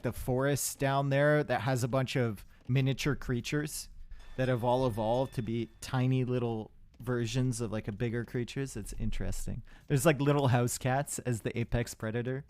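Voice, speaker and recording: A man's voice: medium pitch, normal speed, a little mellow. A young man casting a live strategy game match, chatty and rambling, with asides to his chat. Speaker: esports caster.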